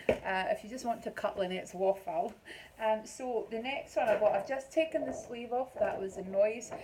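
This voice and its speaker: A woman's voice: medium pitch, moderate pace, noisy background. A middle-aged Scottish woman vlogging an unboxing in a casual, rambling way, with many ums. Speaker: beauty vlogger.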